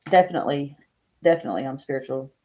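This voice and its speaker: A woman's voice: a bass voice, rapid-fire, noisy background. A woman reading tarot cards on a casual live stream, chatting with viewers by name and thinking aloud as she lays out the cards. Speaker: tarot reader.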